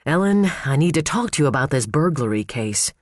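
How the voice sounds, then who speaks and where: A man's voice: on the high side, sing-song, brisk, no room sound, studio quality. A man voicing a fussy male attorney who pouts and complains, in an audiobook. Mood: whiny. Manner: pouting, complaining.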